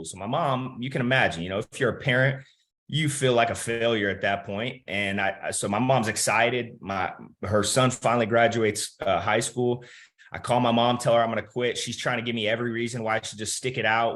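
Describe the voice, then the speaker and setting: A man in his thirties, a motivational speaker, telling his life story to an audience and acting out the dialogue. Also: mid-range voice. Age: 30s. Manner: animated storytelling, acts out quoted dialogue. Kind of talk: personal story talk to an audience.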